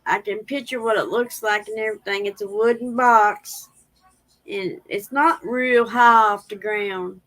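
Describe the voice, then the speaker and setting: A woman's voice: medium pitch, steady tone, unhurried, fairly bright tone, rough recording. A woman, rambling in a casual livestream chat and reading viewer comments aloud. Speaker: livestream host.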